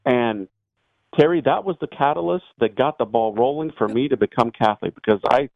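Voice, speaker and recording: A man, a priest guest on a radio show, telling a personal story as an animated storyteller who acts out the people in it. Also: mid-range voice, brisk, gravelly, no echo. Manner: animated storyteller, voices the people in his tale. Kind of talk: storytelling testimony. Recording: tinny dry phone line.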